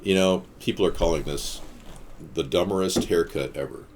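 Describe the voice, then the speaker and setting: A man hosting a casual live stream, answering viewer comments in a rambling, deadpan-joking way with quips and rants. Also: deep voice, moderate pace, slight background noise. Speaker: livestream host.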